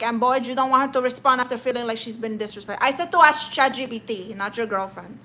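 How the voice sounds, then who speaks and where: A woman's voice: fairly high pitch, quick pace, hardly any pauses, a bit bright, poor audio. A woman live streaming, reading viewer messages and roasting them in a sassy, mock-arrogant way, dropping Spanish words.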